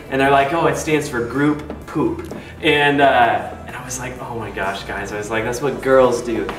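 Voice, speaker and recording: A young adult youth pastor casually tells funny camp stories to the camera, full of fillers and laughter. His medium-pitched voice is a bit bright, with fairly even intonation and normal speed, recorded roomy and distant with faint music behind him.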